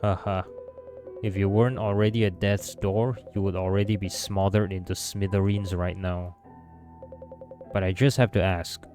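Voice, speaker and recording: A scornful, godlike creator villain, read out by a man as he plays a story game. He talks down with cold mockery in a lowish voice. Soft game music plays faintly behind. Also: little pitch movement, moderate pace, close to an everyday voice. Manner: mocking, condescending.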